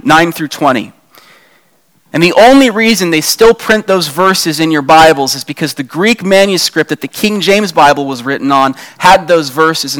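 A man delivers a sermon with a fairly high voice, talking to his congregation in a conversational way. He asks rhetorical questions and raises his voice to act out the lines he quotes. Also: a bit bright. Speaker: pastor.

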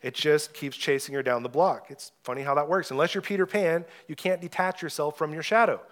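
Earnest preaching man, higher voice. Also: brisk. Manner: earnest preaching, swells loud when reading scripture. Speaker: pastor. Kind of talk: sermon.

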